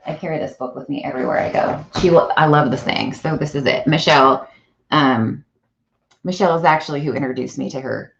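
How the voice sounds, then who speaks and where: Chatty woman live-streaming, low-pitched, dull lo-fi audio. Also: fairly quick, gravelly, a little hiss or hum. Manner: chatty, animated, self-correcting. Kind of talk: casual live-stream chat.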